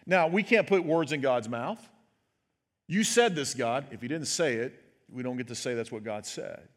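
Speaking conversationally, a pastor preaches a sermon, checking in with "right?" and acting out quoted lines. His mid-range voice is expressive and moves at normal speed, under a long hall reverb.

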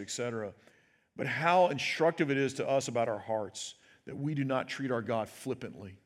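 This pastor's sermon feels like a conversation: he asks listeners "right?" and performs the words he quotes. A medium-pitched man at a moderate pace, recorded with long hall reverb.

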